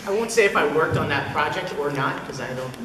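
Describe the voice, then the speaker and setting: A man's voice: a little high, animated, quick pace, a loud crowd. A young man voice actor chatting on a convention panel, playful and self-deprecating. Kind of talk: casual panel chat. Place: large convention hall. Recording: echoey convention hall with long reverb and noise.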